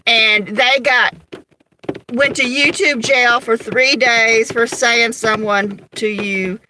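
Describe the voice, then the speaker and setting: This is a woman in middle age with a high, ringing, bright voice, hosting a casual livestream. She rambles through home stories, chuckles often and greets viewers by name. A faint hiss sits under the recording. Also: steady tone, takes it slowly, low-quality recording. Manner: chatty storytelling, laughs often, talks to viewers by name. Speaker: livestream host.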